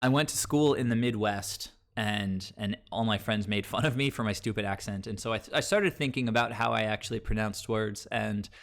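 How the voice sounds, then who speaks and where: A man's voice: fairly low pitch, moderate pace, gravelly, few pauses. A man from Long Island, New York, chatting casually with his live viewers as a streamer, rambling and filling gaps with um and like. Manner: rambling, heavy on fillers like um and like.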